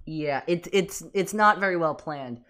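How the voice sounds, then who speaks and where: A woman co-hosting a casual fan podcast, talking in animated, exasperated rants with many restarts. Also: lowish voice, unhurried. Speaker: podcast co-host.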